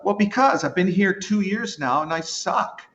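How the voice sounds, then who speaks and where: With dull audio and a little hiss or hum, a man in his fifties from Canada talks at a moderate pace in a high voice. As a podcast guest, he chats casually, rambles, teases himself and tells stories animatedly.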